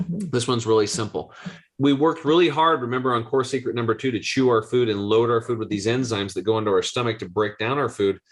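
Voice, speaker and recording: A man in his forties, a guest health coach, telling a story with excitable, slangy energy. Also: medium pitch, a little fast. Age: 40s. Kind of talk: animated storytelling.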